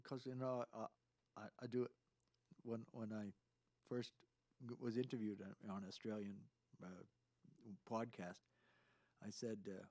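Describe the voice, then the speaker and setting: A man's voice: on the low side, little pitch movement, measured pace, long pauses, dark tone. A man hosting a casual chat, telling rambling anecdotes. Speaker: host.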